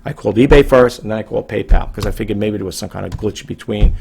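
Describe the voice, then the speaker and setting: A man's voice: fairly low pitch, quick pace, vocal fry, darkish tone, a little hiss or hum. A middle-aged man from New York, talking casually to his viewers in a rambling, emphatic way, repeating himself and restarting his sentences. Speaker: online reseller vlogger. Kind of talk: casual monologue to camera.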